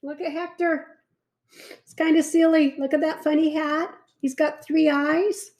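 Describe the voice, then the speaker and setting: A woman reads a picture book aloud to a child, her voice high and her pace slow and unhurried. She breaks off the story often to exclaim and ask the child about the pictures, keeping it animated. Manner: animated, talks to a child between pages. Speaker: reader to a child.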